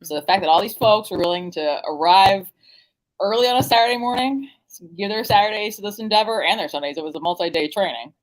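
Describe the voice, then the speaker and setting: A woman's voice: mid-range voice, fast talker, low-quality recording. A woman guest-hosting a political podcast, talking enthusiastically and upbeat. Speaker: guest host. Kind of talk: casual political podcast chat.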